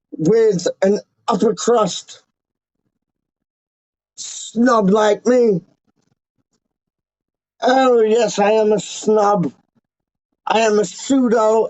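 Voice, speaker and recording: A man hosting a livestream as a self-styled, snobbish Englishman, rambling slowly in pompous rhyming nonsense. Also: high voice, a little mellow, no echo. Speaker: livestream host. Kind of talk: comic in-character livestream ramble. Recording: dull, lo-fi, dry sound.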